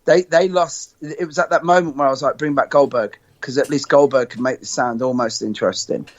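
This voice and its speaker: A man's voice: mid-range voice, fairly even intonation, a little fast. Rambling sweary man on a podcast. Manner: rambling, repeats words, swears freely. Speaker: panelist. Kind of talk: casual podcast chat. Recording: dull lo-fi podcast audio.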